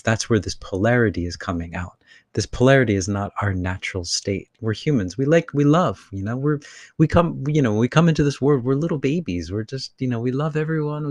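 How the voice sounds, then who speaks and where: A man hosting a live spiritual channeling session, talking casually from his room in a rambling way with many fillers and animated bursts. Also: mid-range voice, dry recording. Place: his room with air conditioner on.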